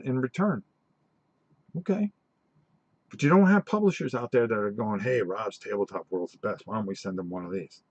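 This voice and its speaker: Medium-pitched and recorded without echo but muffled, a middle-aged man hosting a tabletop gaming channel tells stories on a live-stream chat. He rambles animatedly and restarts many times.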